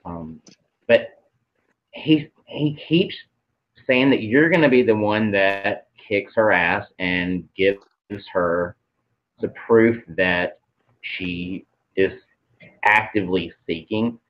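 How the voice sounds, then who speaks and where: A man's voice: on the low side, takes it slowly, pauses often, dull audio. A man channeling spirit messages on a live stream, relaying them bluntly with swearing and hesitant fillers.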